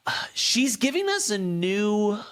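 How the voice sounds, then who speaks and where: A man's voice: sits high, takes it slowly, clear, resonant tone. A man co-hosting a casual podcast chat, blunt and gossipy, telling stories with energy. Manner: gossipy, blunt, animated storytelling. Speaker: co-host.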